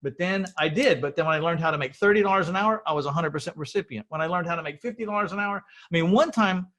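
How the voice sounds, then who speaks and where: A man's voice: a little high, quick pace, a bit bright. A middle-aged man hosting an interview, telling his story in a rambling, earnest way and often repeating words. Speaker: podcast host.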